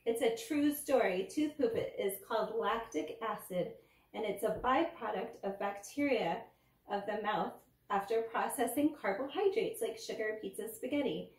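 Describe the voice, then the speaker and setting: A woman's voice: on the high side, animated, normal speed, a little mellow. A woman teaching children about teeth in a chatty, explaining way, as a storytime and science demo. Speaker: children's dental educator. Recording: roomy, from a distance.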